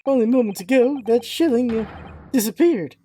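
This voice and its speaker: A woman's voice: a little high, moderate pace, warm tone, slight background noise, voice pushed up, close to an everyday voice. A woman voicing an earnest, lovestruck male London constable in a game voice-through, dutiful and formal. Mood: apologetic.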